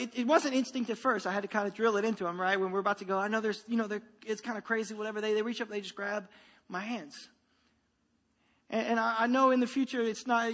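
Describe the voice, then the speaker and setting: A man's voice: very high voice, sharp tone. A man in his thirties preaching a sermon, conversational, often checking in with "right?" and restarting his phrases. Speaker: pastor. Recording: long hall reverb.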